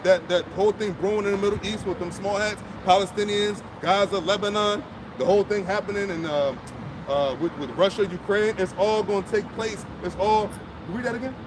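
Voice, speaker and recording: Fired-up, high-voiced man preaching outdoors. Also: brisk, background noise. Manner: blunt, profane and fired up, with frequent repeats. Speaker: street preacher. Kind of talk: impassioned outdoor sermon.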